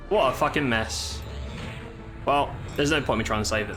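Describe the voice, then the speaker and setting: A game streamer gives live commentary on his gameplay, swearing and exclaiming as he chats with viewers, with faint game music underneath. His medium-pitched voice moves at a moderate pace with frequent pauses.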